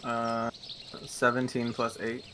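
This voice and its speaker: A man's voice: mid-range voice, monotone, takes it slowly, sharp tone, a little hiss or hum. A man playing in a tabletop game, eagerly calling out his spells and rolls. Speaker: player. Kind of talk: casual tabletop game play.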